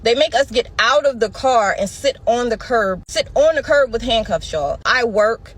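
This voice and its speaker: A woman's voice: fairly high pitch, animated, moderate pace, a bit bright, slightly rough. A woman in her thirties telling a personal story with dramatic slang, talking straight to her listeners. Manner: breathless, dramatic retelling with slang and direct address. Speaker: storyteller in a clip being reacted to.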